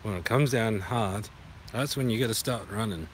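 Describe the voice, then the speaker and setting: A man's voice: lowish voice, moderate pace. A man with an Australian accent, walking in a park and chatting casually to a phone camera, rambling and making puns. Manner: rambling and punning, sings along loosely. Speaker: vlogger. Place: outdoor park by a duck pond. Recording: noisy outdoor phone recording. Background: outdoor ambience with passing traffic.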